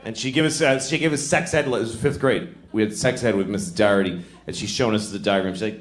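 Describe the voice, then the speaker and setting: A man's voice: fairly low pitch, fast, few pauses. A man in his forties from Boston doing crude, rambling, self-mocking stand-up on a club stage into a handheld mic. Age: 40s. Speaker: stand-up comedian. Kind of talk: stand-up comedy. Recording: echoey live club with crowd noise.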